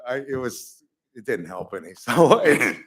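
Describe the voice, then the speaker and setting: A man in a council chamber telling a story to the council. He is chatty and animated, acting out quotes and laughing at himself, and his voice sits in the middle of the pitch range. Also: measured pace. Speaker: resident speaking at public comment. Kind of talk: anecdotal public comment.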